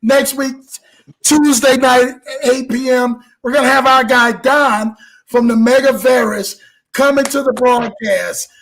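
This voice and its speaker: High-voiced, animated male show host. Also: unhurried, rough recording. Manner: preacher-like, animated, blessing the audience. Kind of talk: exuberant live show wrap-up.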